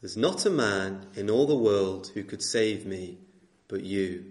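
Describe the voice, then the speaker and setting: A man's voice: fairly low pitch, lively intonation, a little slow, darkish tone, echoey room, pitched below the performer's own voice. A man voicing an accused man pleading his innocence in court, his lines rising and urgent as he begs. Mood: grateful.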